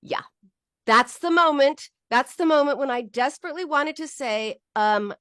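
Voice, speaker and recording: A woman's voice: sits high, normal speed, dry recording, studio quality. A woman psychologist hosting a talk, explaining feelings in a casual teaching monologue and acting out quoted voices. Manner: animated, acts out quoted voices, frequent restarts. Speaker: psychologist and podcast host.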